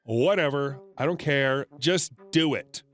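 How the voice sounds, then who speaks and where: A woman's voice: a bass voice, measured pace, soft background music, voice pushed down. A man voicing a rude, condescending woman customer in a plain, curt reading. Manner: curt, dismissive.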